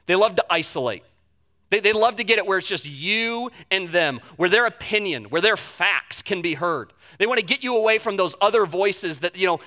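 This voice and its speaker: A young adult man preaching a sermon as pastor, telling stories animatedly and acting out the voices in them. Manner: animated storytelling, acts out quotes with big pitch jumps.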